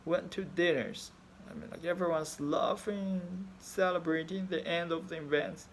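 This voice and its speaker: Fairly high in pitch and steady in tone, this Chinese man in his thirties speaks a little slowly over a faint hiss or hum. He's a fan vlogging emotionally in English, which he speaks non-natively with a Chinese accent, and he rambles about his grief with lots of swearing and broken phrasing.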